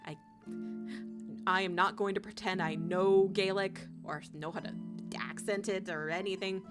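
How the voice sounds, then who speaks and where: A young woman streamer chatting casually while she plays. Her talk is loose and giggly, full of "like", at an everyday middle pitch. Game music runs clearly behind her. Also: steady tone, normal speed. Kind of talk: casual live-stream chat while gaming.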